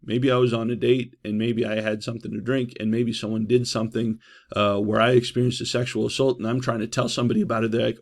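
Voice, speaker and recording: A man giving a trauma-response training lecture in a conversational way, often checking in with "right?" and pausing on "uh". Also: medium pitch, level tone. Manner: conversational, frequent "right?" and "uh" fillers.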